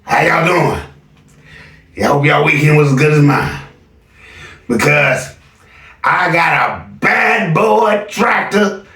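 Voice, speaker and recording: A man's voice: on the high side, takes it slowly, long pauses, pushed and bright, voice pushed up, full character voice. A man imitating a boastful male preacher who shows off to his congregation. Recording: echoey room, distant mic.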